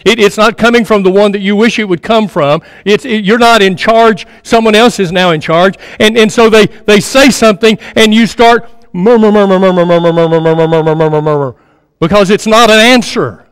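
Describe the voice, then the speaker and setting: A man's voice: high voice, normal speed, few pauses, a bit bright, no echo, clean studio sound, in a large hall. A man preaching a sermon in a conversational way, repeating phrases for emphasis and sometimes dropping to a near-murmur. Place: church sanctuary.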